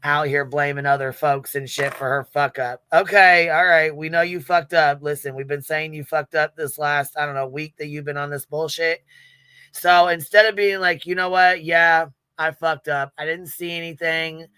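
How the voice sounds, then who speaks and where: A woman's voice: sits low, normal speed, fairly bright tone, clear, resonant tone, dry recording. A woman hosting a livestream in casual commentary, brash and profane, often breaking into laughter. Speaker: livestream host.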